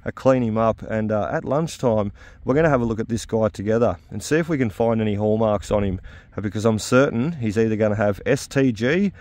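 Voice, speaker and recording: A man's voice: fairly low pitch, fairly quick, darkish tone, no room sound. Upbeat Australian man outdoors. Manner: upbeat and chatty, with frequent 'uh' fillers. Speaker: metal detecting vlogger. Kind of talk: casual outdoor commentary. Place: outdoors at an old house site.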